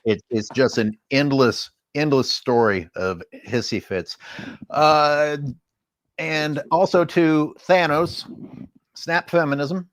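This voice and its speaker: A man's voice: fairly high pitch, slow, no room sound. A man co-hosting a sports rant livestream, talking in a sarcastic, stammering ranting manner. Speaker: co-host.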